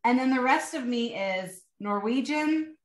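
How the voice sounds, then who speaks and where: A woman's voice: a little high, lively intonation, a little slow. A woman hosting a podcast interview, joking and steering the questions in a casual way. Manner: friendly, joking, leading questions. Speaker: podcast host. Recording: roomy echo.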